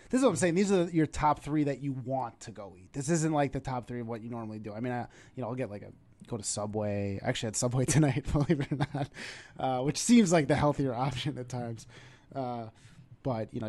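A young man with a New York accent co-hosting a podcast in casual chat, animated and teasing, laughing often. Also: mid-range voice, fast talker, dry recording. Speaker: podcast co-host.

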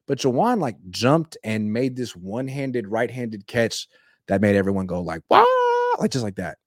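A man giving casual, jokey sports commentary with quick, animated asides. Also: on the low side, no echo, studio quality.

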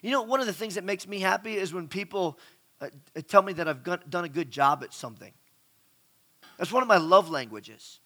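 With a high-pitched, expressive, sharp-toned voice, this middle-aged preacher talks briskly. He keeps the sermon conversational, putting questions to the crowd and repeating words as he goes.

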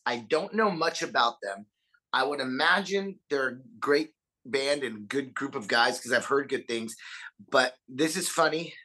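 A man telling animated stories on a casual podcast chat, swearing freely and acting out quotes. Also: medium pitch. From Texas, USA. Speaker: podcast guest.

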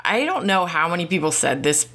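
A woman's voice: on the low side, big pitch swings, fairly quick, a bit bright. A woman ranting casually to camera, irritated and profane, rambling with lots of fillers. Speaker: vlogger.

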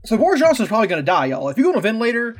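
A man's voice: sits high, sing-song, rapid-fire. A man co-hosting a podcast, talking in brash, teasing banter and swearing freely. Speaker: podcast co-host. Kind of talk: casual profane banter.

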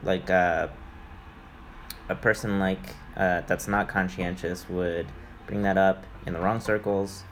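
A man co-hosting a casual podcast chat, speaking haltingly with many fillers. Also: deep voice, level tone, fairly bright tone, slight background noise. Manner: halting, lots of fillers and affirmations. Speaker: podcast co-host.

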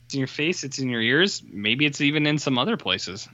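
A man's voice: mid-range voice, a little fast, no echo, dull audio. A man co-hosting a casual film podcast, telling stories with laughs and swearing. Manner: animated storyteller, swears, laughs. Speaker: podcast co-host. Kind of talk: casual film review chat.

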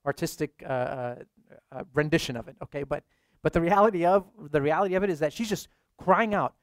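A man's voice: fairly high pitch, animated, a little fast, no room sound, clean studio sound. Casual young male priest preaching. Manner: casual, many "like" fillers. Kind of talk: conversational sermon.

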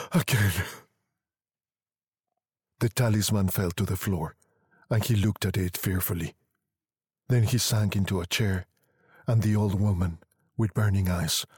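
Man reading a story slowly and deliberately, low voice, dry and close. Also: a little mellow, breathy edge, dry recording. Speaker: narrator. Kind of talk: scripted story narration.

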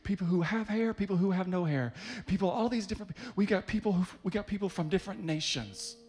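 A man preaching a sermon to a congregation, leading them by name and building to loud, rhythmic climaxes. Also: high-pitched, fast. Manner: leads the congregation, calling people up by name.

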